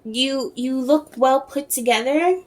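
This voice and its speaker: Rambling soft-spoken tarot reader woman. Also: sits high, takes it slowly. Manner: rambling, searching for words, many fillers and restarts. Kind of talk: casual tarot reading to camera.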